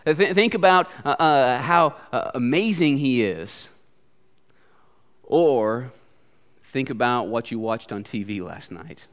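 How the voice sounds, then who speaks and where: A man's voice: mid-range voice, slow pace, a bit bright, long reverb tail. A man preaching a sermon as a pastor, hesitant with many fillers at first and then building to emphatic repetition.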